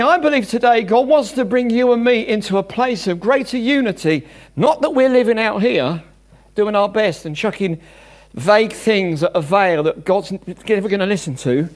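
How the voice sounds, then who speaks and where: A male preacher with a high, bright voice that leaps all over the place as he talks. He jokes with the congregation and shifts from loud bursts to quiet, hushed asides. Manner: animated, jokey, swings between loud bursts and hushed asides. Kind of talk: sermon.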